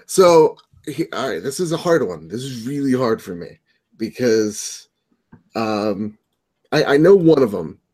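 A man's voice: medium pitch, sing-song, measured pace, a little mellow. A young man co-hosting a gaming podcast, easygoing and agreeable in casual chat. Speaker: podcast co-host.

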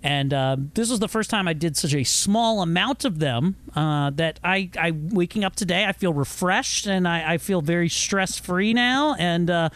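A man's voice: high voice, normal speed, few pauses, fairly bright tone. A man co-hosting a podcast, chatting casually in a rambling, joking way with lots of fillers. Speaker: podcast co-host. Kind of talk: casual chat.

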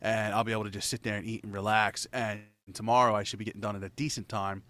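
A man's voice: lowish voice, flat delivery, quick pace, a bit bright. Man telling a story with lots of swearing. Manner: rambling, profanity-laced storytelling; laughs between lines. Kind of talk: casual chat.

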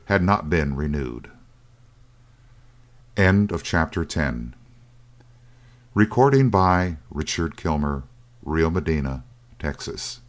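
A man narrating the close of an audiobook chapter in a very deep, low voice. He reads calmly and evenly, without flourish. It is plain scripted narration. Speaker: audiobook reader.

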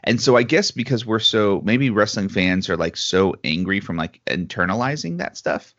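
A man's voice: lowish voice, animated, normal speed, a bit bright. A man co-hosting a casual podcast chat, thinking aloud with lots of fillers. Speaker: podcast co-host. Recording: slightly dull lo-fi audio.

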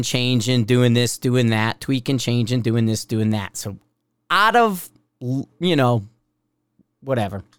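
A man's voice: mid-range voice, fairly bright tone, smooth, no room sound. A man hosting a podcast as a shooting instructor, talking in a blunt, rambling, profane way. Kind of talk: casual rambling podcast monologue.

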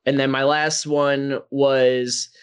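A man co-hosting a casual podcast who talks in a relaxed, laid-back way. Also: medium pitch, takes it slowly, clear, resonant tone. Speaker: podcast co-host.

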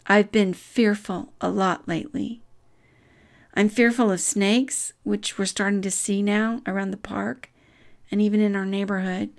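A middle-aged woman giving a reflective devotional talk, earnest and soft-spoken, with measured pauses. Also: mid-range voice, steady tone, gravelly.

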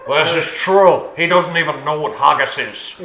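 A pompous immortal Spaniard, as a man puts him on in a mock-grand, playful way. His voice sits a touch high. Echoes and chatter fill the room behind him. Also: normal speed, lightly acted.

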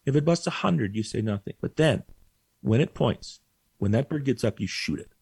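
A man quoting a blunt, gruff older male dog trainer who gives curt, profane orders. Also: medium pitch, expressive, normal speed, darkish tone, no echo. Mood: firm.

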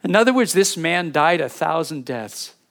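A man with a somewhat high voice delivers a heartfelt sermon as a pastor. He speaks earnestly to his congregation, now pressing a point, now going quiet, and he often stumbles over and repeats words as he goes. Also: animated, normal speed. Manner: earnest, repeats words when searching, swings from emphatic to hushed.

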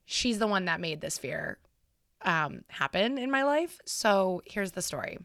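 A woman in her twenties, a podcast co-host, telling a story in a casual, animated and heavily profane way. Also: fairly low pitch, measured pace, gravelly, no echo, studio quality.

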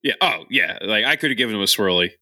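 A man's voice: on the low side, animated, fast, sharp tone, no echo, clean studio sound. A man co-hosting a podcast in casual chat, who rambles with lots of fillers and laughs often. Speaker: podcast co-host.

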